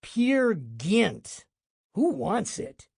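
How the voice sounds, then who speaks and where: A man voicing a loud, cranky, middle-aged male film producer with a New York accent who swears and shouts. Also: high-pitched, very animated, extremely slow, gravelly, slightly rough, no echo, studio quality, voice pushed up, exaggerated voice. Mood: exasperated.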